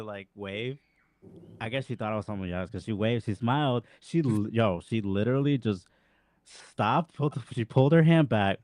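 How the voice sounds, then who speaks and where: A man, a former Jehovah's Witness, telling animated stories on a casual online panel, saying "bro" and "like" a lot. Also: mid-range voice, no echo.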